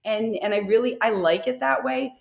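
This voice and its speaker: A woman's voice: fairly high pitch, moderate pace, gravelly. A woman from Rhode Island, a travel and food influencer, chatting casually in an interview and laughing often. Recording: echoey room.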